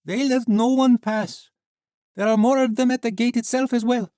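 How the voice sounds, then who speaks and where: A man's voice: extremely high pitch, steady tone, normal speed, warm tone, no echo, clean studio sound, pitched above the performer's own voice. A man voicing a weary woman refugee who speaks earnestly.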